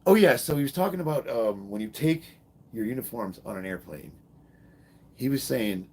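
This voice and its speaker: Gravelly middle-aged man telling profane stories. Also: mid-range voice, normal speed. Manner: profane, joking, animated storyteller. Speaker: strength athlete and fitness streamer. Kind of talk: casual livestream chat and storytelling.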